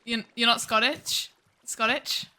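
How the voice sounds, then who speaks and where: A woman's voice: on the high side, fairly even intonation, a little slow, pushed and bright, slight background noise. A woman giving casual gameplay commentary as a streamer, chatty and self-mocking as she talks to her viewers. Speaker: game streamer.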